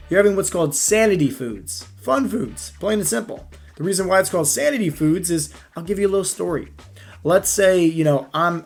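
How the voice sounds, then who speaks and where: Energetic man coaching with stories. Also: fairly high pitch, breathy edge. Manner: energetic, storytelling, keeps checking in with "right?". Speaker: fat-loss coach. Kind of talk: casual motivational talk.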